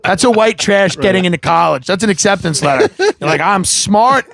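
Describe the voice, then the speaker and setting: A man's voice: high-pitched, fairly quick, creaky, a bit bright. A man hosting a podcast, telling rambling, profane stories in casual chat and mimicking the people in them. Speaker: podcast host.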